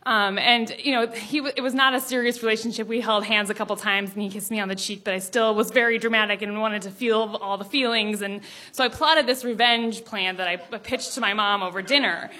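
Lively young woman telling a story. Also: medium pitch, fairly quick, few pauses. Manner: animated, laughing, acting out quotes. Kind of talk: personal story told to an audience.

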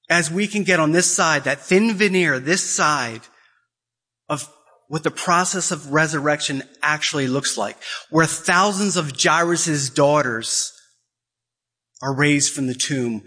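A man delivers an impassioned sermon in a bright, forceful voice that sits a little high. He acts out quoted conversations as he preaches. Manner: emotional, rising to high-pitched pleading.

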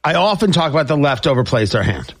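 Animated high-voiced talk radio host. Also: male voice, fast talker. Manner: emphatic, repetitive, animated. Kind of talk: talk radio monologue with ad read.

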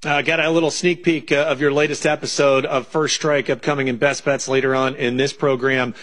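A man's voice: mid-range voice, little pitch movement, a little fast, fairly bright tone. A man hosting a betting show, asking loose, filler-filled questions to set up picks. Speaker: show host.

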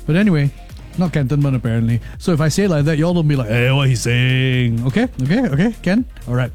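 A man's voice: on the high side, expressive, rapid-fire, warm tone, soft background music. A man with a Singaporean accent presenting radio news and business, with chatty asides between bulletins. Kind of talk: radio news reading and casual chat. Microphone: studio microphone.

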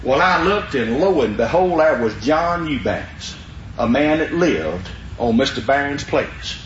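A man's voice: mid-range voice, unhurried, a little hiss or hum. An older man with a drawl, telling a folksy story to an audience and laughing as he goes. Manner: drawling, animated, laughing through the tale. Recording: dull lo-fi recording in a roomy hall.

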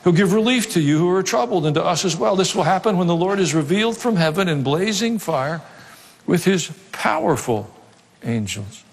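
A man's voice: sits high, expressive, normal speed. Man preaching in a reverberant church. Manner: conversational preaching with asides and humor. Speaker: pastor. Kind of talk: sermon. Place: church sanctuary. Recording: long reverb of a hall.

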